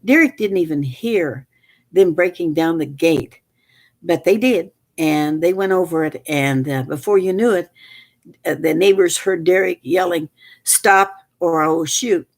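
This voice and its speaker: An older woman with a somewhat low voice tells a family story in a loose, rambling way. She stumbles through restarts and fillers. She grows animated as she relives the key moments. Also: a little slow. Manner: animated, rises sharply when reliving moments. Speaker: storyteller recounting family events. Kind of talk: casual spoken storytelling.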